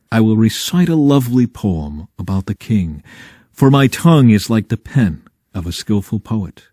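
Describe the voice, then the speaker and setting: Man reading scripture with lively expression. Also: on the low side, no echo, clean studio sound. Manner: expressive, measured reading with dramatic emphasis. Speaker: Bible reader.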